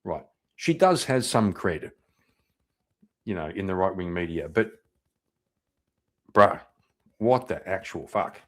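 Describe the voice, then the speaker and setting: A man's voice: deep voice, expressive, slow pace, pauses often, fairly bright tone. A man hosting a live stream, reacting to clips in loose, profane commentary, laughing and repeating himself. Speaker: livestream host reacting to clips.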